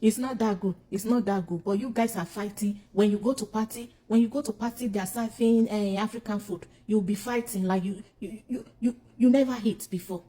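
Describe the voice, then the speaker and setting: A woman's voice: mid-range voice, fairly even intonation, fairly quick, few pauses, warm tone. A woman scolding the camera, repeating her warnings over and over. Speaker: reaction video maker.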